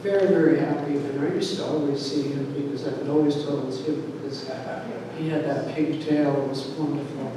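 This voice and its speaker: Storyteller, male, 60s, lively and animated; distant mic, noisy, echoey room. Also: on the high side, a little fast. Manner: animated, lively, acts out voices. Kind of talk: live personal storytelling. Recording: echoey hall miked from far off, noisy.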